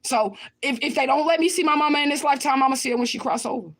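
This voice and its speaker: A woman's voice: high voice, racing. A woman livestreaming and answering viewer comments in a blunt, confrontational way, swearing often and repeating her points for emphasis. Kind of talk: casual livestream talk.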